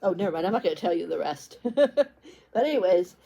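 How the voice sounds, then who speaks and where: A woman's voice: fairly low pitch, animated, quick pace, creaky, dark tone. A woman book vlogger talking in a casual, rambling way, tripping over words and restarting sentences. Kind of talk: casual chat.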